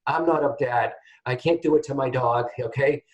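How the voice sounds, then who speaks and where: A man hosting a call-in psychic reading show, chatty and animated, often turning to address his listeners. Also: medium pitch, moderate pace, poor audio. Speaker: psychic medium host.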